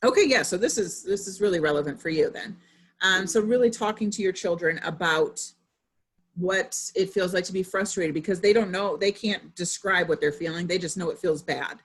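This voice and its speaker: A woman's voice: lowish voice, moderate pace, slightly rough. A woman in her thirties, a parent, giving a casual presentation to parents, chatty and full of personal examples. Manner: conversational, with frequent fillers and personal anecdotes.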